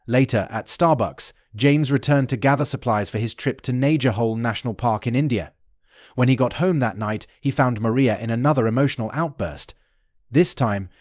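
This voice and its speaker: A man narrating a dramatic story in an even, steady storytelling delivery. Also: mid-range voice, no echo, clean studio sound.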